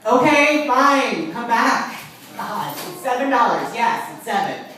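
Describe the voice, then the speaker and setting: A man doing a fed-up Long Island mother, blunt, lively, echoey far-off live recording, audience laughter. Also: sits low, unhurried, a little hiss or hum. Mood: exasperated. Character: exasperated middle-aged mother selling at a garage sale.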